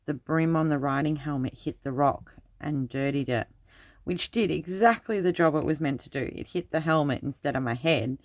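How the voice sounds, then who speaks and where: A woman's voice: low voice, no echo. Chatty woman telling stories, dry sound. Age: adult parent. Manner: rambling anecdotal storytelling. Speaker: craft channel host. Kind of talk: casual chat while crafting.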